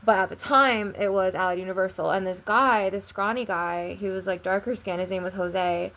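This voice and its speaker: A woman's voice: mid-range voice, fairly even intonation, normal speed, a bit bright. A young woman vlogger telling a long personal story in a casual, rambling way, filling it with "like" and frequent swearing.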